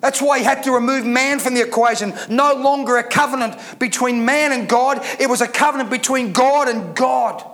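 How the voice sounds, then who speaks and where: A man delivering a sermon from the pulpit, his voice sitting very high. He preaches with emphasis, repeating key words and throwing rhetorical questions at his church. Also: moderate pace, few pauses, fairly bright tone. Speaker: pastor.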